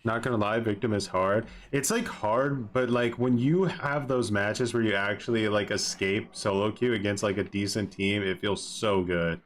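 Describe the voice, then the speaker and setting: A man's voice: fairly low pitch, steady tone, moderate pace, few pauses. A young man streaming a game, chatting casually with viewers in a laid-back way, full of fillers. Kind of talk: casual livestream commentary.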